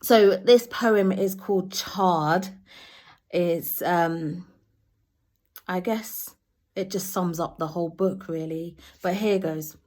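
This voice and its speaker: A woman's voice: on the low side, takes it slowly, darkish tone. A woman poet talking earnestly and openly emotionally to camera, restarting and correcting herself as she goes. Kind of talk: personal talk to camera.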